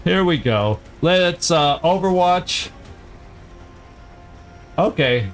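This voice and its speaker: A man with a slightly high voice talks through his game, chatty and thinking aloud as he plans each move. He laughs easily and keeps a casual, friendly flow. Faint music plays under him. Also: lively intonation, measured pace. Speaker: gaming channel host. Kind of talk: let's-play commentary.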